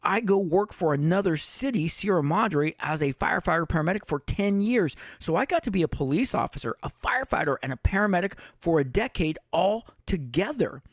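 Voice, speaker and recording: A man's voice: high-pitched, lively intonation, brisk, hardly any pauses, no echo, studio quality. A man in his fifties, a retired police chief, telling stories in a casual livestream chat. He talks straight to his viewers and swears now and then. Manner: conversational, addresses viewers directly, swears casually.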